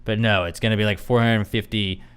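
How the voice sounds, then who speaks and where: A man's voice: fairly low pitch, fairly even intonation, a little fast, clean tone. A young man co-hosting a podcast, bantering in a loose, joking way. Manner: loose and joking, drops into loud mock-outraged shouting for impressions. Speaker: podcast co-host. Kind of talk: casual comedic banter.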